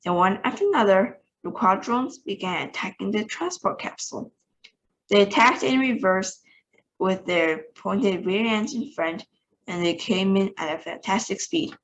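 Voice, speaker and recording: A woman's voice: medium pitch, measured pace, lo-fi sound. A woman reading a children's book aloud, voicing each character's lines. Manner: animated, shouts out characters' lines.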